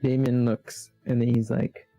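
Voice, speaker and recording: A man's voice: mid-range voice, flat delivery, unhurried, creaky, dark tone, no echo, soft background music. A man playing in a tabletop game, playful and repeating phrases for effect. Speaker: player. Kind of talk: tabletop role-play.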